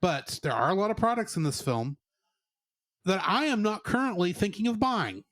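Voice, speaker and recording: A man co-hosting a podcast, giving an animated, sarcastic movie review in casual chat. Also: high-pitched, moderate pace, no room sound, clean studio sound. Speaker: podcast co-host.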